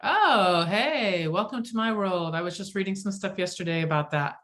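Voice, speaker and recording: A woman hosting a casual group chat, telling stories in an animated, self-deprecating way. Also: mid-range voice, moderate pace.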